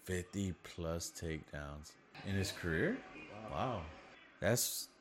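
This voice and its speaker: A man with a very low voice talks through a fight as he watches it, casual and excitable. He swears freely and breaks into quick exclamations at big moments. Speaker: fight watch-along commentator. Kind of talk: casual live fight commentary.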